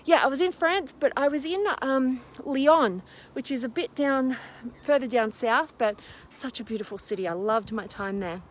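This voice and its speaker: Breathless high-voiced woman outdoors. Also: moderate pace. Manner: bubbly, reading out viewer comments with lots of fillers. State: out of breath from climbing a hill. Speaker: host of a live stream. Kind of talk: casual live-stream chat while exercising outdoors. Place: outdoors in a windy park on a hill. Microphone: phone camera held while walking. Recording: faint outdoor noise.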